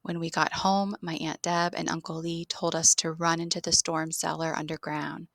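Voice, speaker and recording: A woman's voice: deep voice, level tone, moderate pace, creaky, fairly bright tone, dry recording. A woman teaching an online English grammar lesson, explaining steadily and spelling words out letter by letter.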